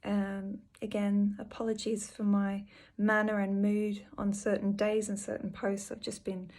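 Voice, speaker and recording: A woman giving a personal video update from her home, speaking softly and earnestly with lots of fillers. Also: mid-range voice, monotone, unhurried. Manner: soft, earnest and emotional, with frequent fillers. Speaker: vlogger.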